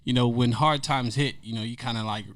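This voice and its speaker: A man's voice: mid-range voice, steady tone, brisk, a bit bright, no room sound, studio quality. A man talking as a guest on a casual podcast, laid-back and friendly. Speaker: podcast guest, surgical assistant. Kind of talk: casual chat.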